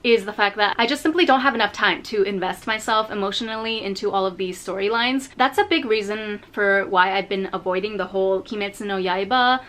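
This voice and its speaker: A woman chatting casually through a makeup review vlog from her home, rambling into asides, leaning on fillers, and jumping up in pitch when she stresses a point. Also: fairly quick, hardly any pauses, a bit bright. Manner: jumps up in pitch on emphasis. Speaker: beauty vlogger. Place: home in Japan.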